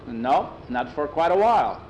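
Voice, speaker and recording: A man voicing a shifty, sneering stable hand with a gruff manner. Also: fairly high pitch, very animated, moderate pace, darkish tone, muffled recording, a little hiss or hum.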